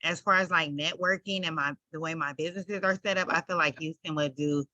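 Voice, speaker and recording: A woman hosts a mentorship session over a video call. Her voice is lowish yet bright and forceful. It sounds dry and close, and she laughs often and cheers her guest on. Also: fairly even intonation, brisk, no room sound, dull audio. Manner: enthusiastic, laughs often, repeats "love it". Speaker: host of the mentorship program. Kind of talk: casual chat with guest.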